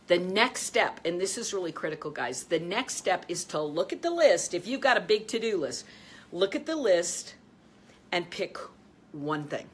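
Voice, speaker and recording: A middle-aged woman coaching listeners through stress. She talks with energy and emphasis, laughs often, and goes soft and low when she leads them through slow breathing. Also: big pitch swings, a little hiss or hum. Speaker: coach and show host. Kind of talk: motivational talk with guided breathing.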